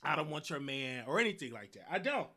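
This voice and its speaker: A man with a Southern US accent hosting a live show, telling a rambling story in a casual, animated way, repeating himself and laughing often. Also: on the high side, fast, slight background noise. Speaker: host.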